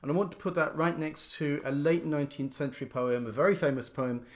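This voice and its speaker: A man's voice: fairly high pitch, fairly even intonation, brisk. A middle-aged man giving an informal lecture as a musician, explaining by speaking out the stresses he describes. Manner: explains by demonstrating stresses aloud. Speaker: lecturer and violinist.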